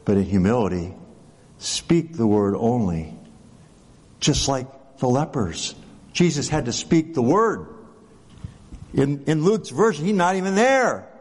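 A man's voice: mid-range voice, very animated, unhurried, pauses often, darkish tone, breathy edge. A man preaching a sermon as pastor, speaking conversationally and often checking in with "right?". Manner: conversational, rhetorical questions, often adds "right?". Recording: long hall reverb.

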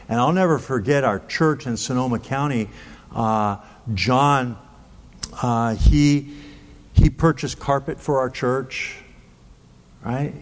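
Older male pastor, sixties, mid-pitched voice, folksy anecdotal sermon, long hall reverb. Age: 60s. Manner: folksy, anecdotal, with many "right?" and "okay?" asides. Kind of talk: sermon storytelling.

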